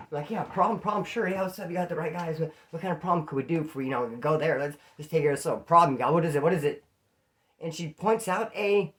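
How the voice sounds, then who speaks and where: Male storyteller, casual and animated, jumps into the voices of people in his stories. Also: a little high. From California. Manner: animated, acts out quoted voices. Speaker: storyteller host.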